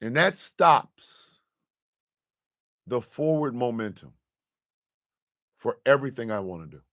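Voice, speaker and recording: A man hosting his show, talking to his audience in an impassioned, profane monologue that swings from quiet confession to loud outrage. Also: mid-range voice, very animated, takes it slowly.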